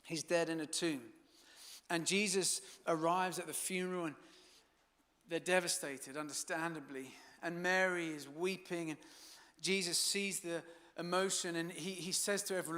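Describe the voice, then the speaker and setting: A man's voice: a little high, fairly even intonation, moderate pace, pushed and bright, big-room sound. A man preaching a sermon as pastor, telling stories dramatically and building to fervent peaks. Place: church hall.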